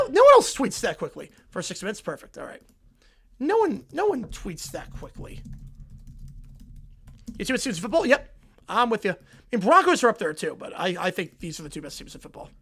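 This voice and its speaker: A young man with a fairly high voice runs a live football reaction stream from his home desk. He reads viewer messages aloud, excitable and rambling, as he talks into his desk mic. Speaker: livestream host reacting to football. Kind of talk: live stream chat reading donations. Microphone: desk mic with headphones.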